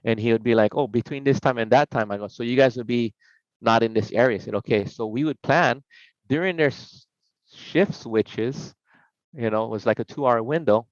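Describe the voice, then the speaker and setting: A man's voice: medium pitch, normal speed, no room sound. Middle-aged man, casual podcast storyteller who acts out the voices he quotes; slightly dull, dry recording. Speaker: podcast guest.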